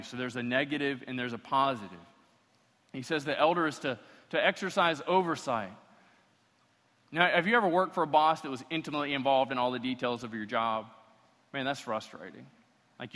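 A male pastor preaching a sermon in an animated, joking way, firing off rhetorical questions. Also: medium pitch. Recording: long reverb of a large hall.

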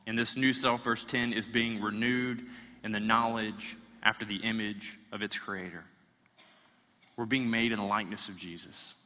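Male pastor delivering a sermon, forceful tone, long hall reverb. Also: on the low side, fairly even intonation, moderate pace. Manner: preaching with rising intensity and repeated phrases.

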